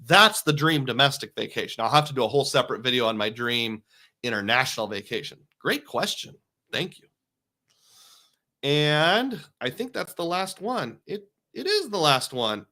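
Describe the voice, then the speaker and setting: A man's voice: mid-range voice, lively intonation, moderate pace, sharp tone. A middle-aged man from Iowa hosting a live stream, chatting casually and answering viewer questions in a rambling way.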